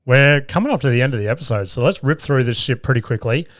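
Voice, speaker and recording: A man hosting a podcast, retelling stories in a fast, profane, excitable way. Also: mid-range voice, no echo, studio quality. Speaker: podcast host. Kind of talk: casual chat.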